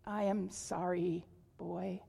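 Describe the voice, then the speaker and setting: A woman reading aloud and voicing a gentle, giving female apple tree in a tender, slow storybook manner. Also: fairly low pitch, level tone, vocal fry, slightly rough, heavily acted. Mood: sorrowful.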